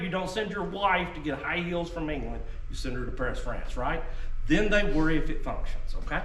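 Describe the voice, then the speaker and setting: A man's voice: a little high, sing-song, normal speed, fairly bright tone. A man with a Southern US accent talking casually to reenactors about muskets, folksy, often checking in with "okay?". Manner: folksy, keeps tagging "okay?". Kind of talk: casual talk to a reenactor group. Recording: echoey sound from a distant mic with faint noise.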